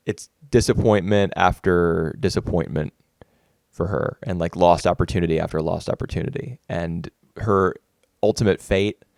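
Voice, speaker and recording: Thoughtful and prone to rambling, this podcast co-host chats casually about films, restarting often and leaning on fillers. His voice is low and a little mellow, captured in clean studio sound without echo.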